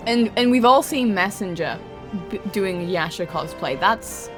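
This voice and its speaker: A young adult woman streams a game and chats casually with her viewers, laughing often and swearing freely. Her mid-range voice is animated and fairly bright, at a measured pace. Soft music plays in the background.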